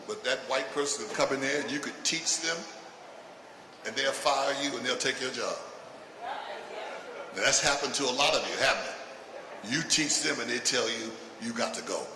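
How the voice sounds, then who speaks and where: Chuckling comedian in an echoey hall. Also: male voice, medium pitch, normal speed, far from the mic. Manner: punchy, chuckles through his lines, jabs at the crowd. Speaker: stand-up comedian. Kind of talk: stand-up routine to a live audience. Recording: echoey hall with audience noise.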